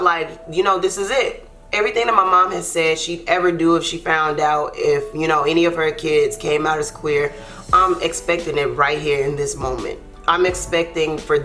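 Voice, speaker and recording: A woman's voice: sits low, bright, forceful tone. A young adult woman telling a heartfelt personal story as a YouTube co-host, earnest and loose with fillers. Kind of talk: emotional storytime.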